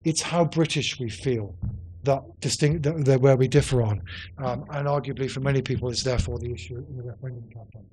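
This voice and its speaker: A man, a politics professor, lecturing on poll data in a hall, brisk and dryly witty with emphatic stresses and frequent ums. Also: medium pitch, a little mellow, slight background noise.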